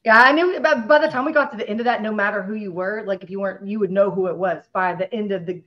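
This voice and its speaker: A woman in her forties chats on a podcast and wanders through her stories with lots of fillers. Her voice sits at an everyday pitch. The sound is dull and a bit lo-fi. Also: fast. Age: 40s. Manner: rambling, filler-heavy storytelling. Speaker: podcast co-host. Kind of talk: casual chat.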